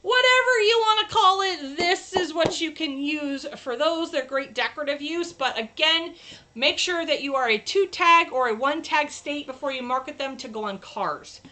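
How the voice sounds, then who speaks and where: A woman's voice: sits high, expressive, normal speed, background noise. A woman hosting a casual crafting livestream, chatting to viewers while she demonstrates her projects. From New York State.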